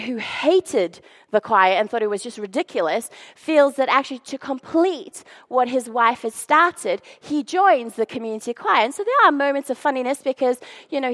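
Brief: woman speaker, high voice, lively sermon storyteller with a self-mocking streak. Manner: animated, self-deprecating humor, acts out scenes. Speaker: speaker sharing faith stories.

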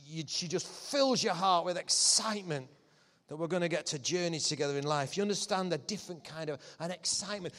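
Excitable preacher in a reverberant hall. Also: male voice, high-pitched. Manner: lively, jokey, shouts with excitement. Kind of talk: sermon. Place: church hall.

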